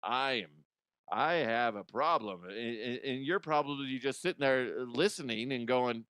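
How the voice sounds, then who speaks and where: This is a podcast host with a medium-pitched voice at normal speed, heard over background noise. He rambles casually through a comedy podcast, giggling at his own jokes and poking fun at himself.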